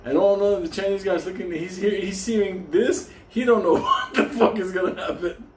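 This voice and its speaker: A man's voice: high voice, normal speed. A man from New York telling a story casually, swearing constantly and laughing through his words. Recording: roomy echo, faint hum.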